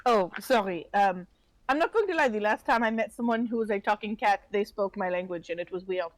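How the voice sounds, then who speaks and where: A woman's voice: medium pitch, fairly quick, no room sound. A woman playing a tabletop role-playing game, speaking in character in a chatty, frank way. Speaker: player.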